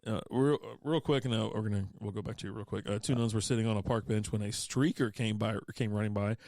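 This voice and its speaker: A man's voice: fairly low pitch, fairly even intonation, fast talker, darkish tone, no room sound, clean studio sound. A man co-hosting a casual beer podcast, blunt and teasing, swearing freely as he ribs his friend. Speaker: podcast co-host.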